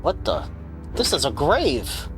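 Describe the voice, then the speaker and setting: A man's voice: a little high, wildly swooping pitch, slow, heavily acted. A man voicing a young woman heroine who pleads urgently and raises her voice, reading her game lines aloud. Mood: pleading. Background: game music.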